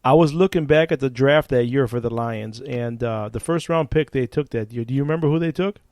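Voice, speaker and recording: A man's voice: mid-range voice, brisk, darkish tone, dry recording. A man hosting a podcast, asking casual questions and giving short affirmations. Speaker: podcast host. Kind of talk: casual interview.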